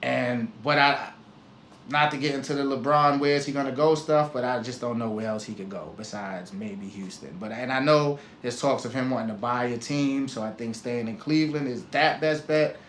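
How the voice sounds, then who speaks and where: A man's voice: medium pitch, normal speed, fairly bright tone, reverberant, slight background noise. A man hosting a sports podcast, talking casually in a laid-back way with hedging fillers. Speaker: podcast host.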